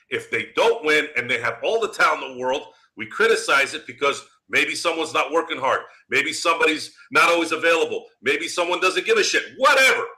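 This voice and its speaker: A man hosting a sports podcast launches into a heated, combative rant. His voice is very bright and cutting, and it swings widely in pitch as he curses and jabs at critics. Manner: profane and combative, jabbing at critics. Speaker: podcast host.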